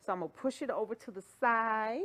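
Woman doing a wig demo livestream, kinda high voice, playful, hyping folks up. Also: a little fast, a bit bright. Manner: playful, sings and jokes, hype catchphrases. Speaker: wig shop host.

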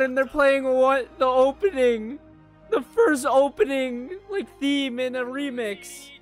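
A young man reacting to an anime episode, excitable and profane, bursting into shouts. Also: very high voice, slow pace. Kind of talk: live reaction commentary. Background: faint anime soundtrack music.

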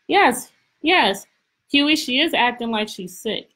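A woman teacher reads a picture book aloud to her class, stopping often to ask questions and act out lines. Her voice is a little high and breathy, and she takes her time with each phrase. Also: takes it slowly, low-quality recording. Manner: lively, expressive, stretches words, asks questions. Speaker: teacher reading aloud to students. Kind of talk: storybook read-aloud lesson.

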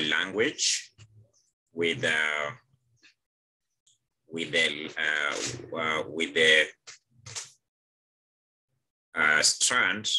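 Kenyan male teacher, low voice, hesitant, on a video call; bright and a touch husky. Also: low-quality recording. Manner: hesitant, many uh fillers. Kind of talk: live online class.

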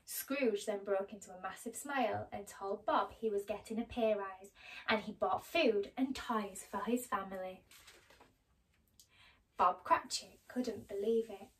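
A woman storyteller reading a children's story aloud in a gentle, expressive way. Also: mid-range voice, a little slow, far from the mic, low-quality recording. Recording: voice a little off-mic.

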